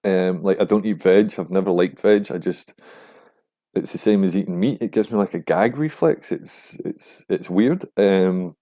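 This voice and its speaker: Low mellow-voiced man rambling. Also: normal speed. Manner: rambling, profane, animated when mimicking others. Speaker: podcast host. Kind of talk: casual monologue.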